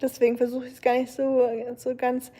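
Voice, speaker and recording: A woman with a German accent chats casually with her stream viewers, rambling on with plenty of fillers. Her voice sits a little high but sounds soft and mellow. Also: monotone, brisk. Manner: chatty and rambling, with lots of fillers. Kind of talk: casual chat with viewers while gaming.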